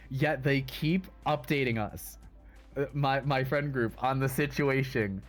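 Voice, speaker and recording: A man's voice: on the high side, unhurried, faint music behind. A man streaming, chatting loosely and often laughing between lines. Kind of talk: casual chat.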